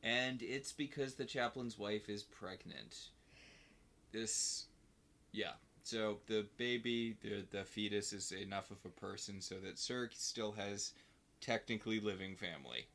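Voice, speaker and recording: A man with a lowish, gravelly voice co-hosts a casual recap podcast. His tone is bright and sharp, and he tosses in dry jokes as he walks through the plot. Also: measured pace. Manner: dry, joking commentary. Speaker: podcast co-host.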